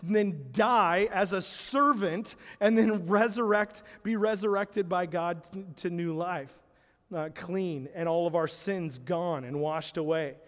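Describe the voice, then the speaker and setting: A man preaching a sermon in an animated storytelling way, acting out the biblical characters' lines as he goes. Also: high-pitched, a little slow, in a large hall. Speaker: pastor.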